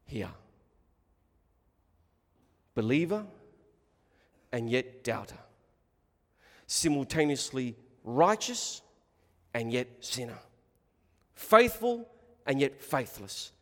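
A man preaching a sermon in short, deliberate phrases with long pauses. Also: mid-range voice, expressive, a bit bright, big-room sound.

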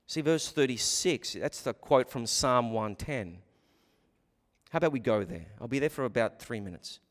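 A man preaching an expository sermon with an emphatic delivery that rises and falls and repeats words as he works through scripture. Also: medium pitch. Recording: long reverb of a hall.

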